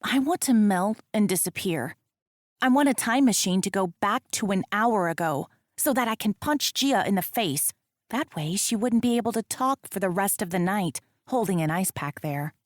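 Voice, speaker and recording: A woman reading a first-person romance audiobook, with a wry, expressive comic delivery into a close microphone. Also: medium pitch, normal speed, dry recording. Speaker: audiobook narrator.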